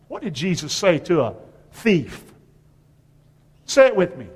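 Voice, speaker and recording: A man preaching a sermon as a pastor, speaking lively and drawing call-and-response from the congregation. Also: sits high, unhurried, long pauses. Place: church hall with long reverb. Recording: reverberant church hall.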